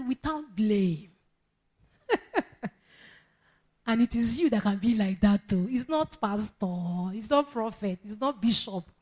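A woman's voice: on the high side, dark tone, husky. Emphatic woman preaching. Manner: emphatic, repeats phrases, laughs between points. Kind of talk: sermon.

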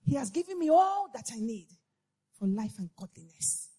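A woman preaching a sermon to women, passionate and repetitive, firing rhetorical questions and rising to shouts. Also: a little high, very animated, normal speed, husky.

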